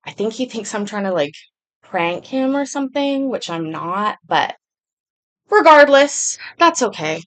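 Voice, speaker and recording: A woman's voice: mid-range voice, expressive, a little slow, fairly bright tone. A woman hosting a casual livestream, chatting with viewers and answering their comments as they come in. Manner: chatty, rambling, reads and answers chat comments aloud. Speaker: livestream host.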